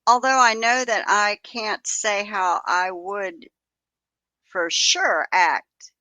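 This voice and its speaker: An older woman hosts true-crime commentary and reads transcripts aloud in an earnest, deliberate way. Her voice is bright and her pace is unhurried. The sound is dry and close. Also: mid-range voice, dry recording, low-quality recording. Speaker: video host.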